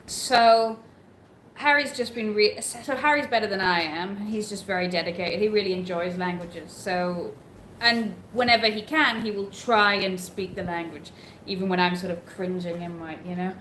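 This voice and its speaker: A woman in easy conversation on a live stream, hedging as she talks and pausing to read viewer questions aloud. Her voice sits in the middle of the usual range and carries in an echoey room, with faint ambience behind. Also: mid-range voice, steady tone, fairly bright tone, slight background noise. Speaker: co-host of a travel livestream. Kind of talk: casual live chat.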